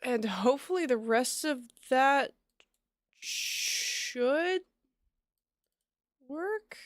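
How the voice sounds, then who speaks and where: Soft-spoken woman streamer muttering while coding. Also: high-pitched, lively intonation, very slow, no room sound, studio quality. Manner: muttering to herself while working, then bursting into laughter. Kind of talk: casual live-stream chat while coding.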